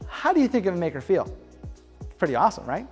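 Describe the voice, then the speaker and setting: A man's voice: high voice, wildly swooping pitch, fast talker, in a large hall, faint music behind. A man teaching a beginner martial arts class, coaching viewers in an upbeat, encouraging way. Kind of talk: home workout class instruction.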